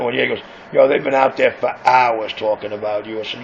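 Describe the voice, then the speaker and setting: A man's voice: mid-range voice, level tone, fast, gravelly. A man who runs a radio shop, boasting and taunting rivals over CB radio in a brash, self-important way. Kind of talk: CB radio banter. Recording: muffled CB radio audio with faint hiss.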